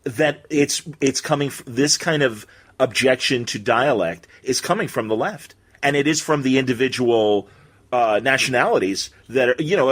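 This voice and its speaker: A man's voice: medium pitch, fairly bright tone. A man hosting a podcast in casual chat, eagerly agreeing and chiming in. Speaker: podcast host.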